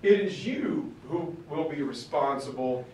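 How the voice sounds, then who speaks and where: A man's voice: on the high side, lively intonation, unhurried, a little mellow, a little hiss or hum. A man giving a storytelling history lecture, acting out the quotes with shifting voices. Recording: roomy far-off mic recording.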